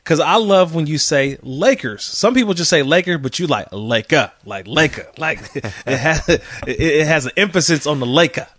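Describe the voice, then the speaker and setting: A man co-hosting a casual chat show, lively and quick to laugh, repeating words as he thinks aloud. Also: fairly high pitch, dry recording. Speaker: co-host reading listener questions.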